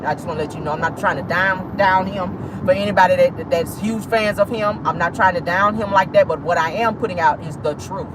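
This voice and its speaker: A woman's voice: lowish voice, fairly quick, hardly any pauses. Sassy woman gossiping in a noisy car. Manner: sassy, drawling, full of 'honey' and 'baby' asides. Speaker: celebrity gossip vlogger. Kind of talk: casual gossip commentary. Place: inside a car.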